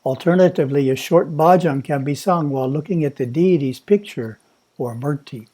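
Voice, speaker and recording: A man at a monastery reading a prepared spiritual talk in a measured, instructive way. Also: on the high side, warm tone. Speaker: monastery teacher.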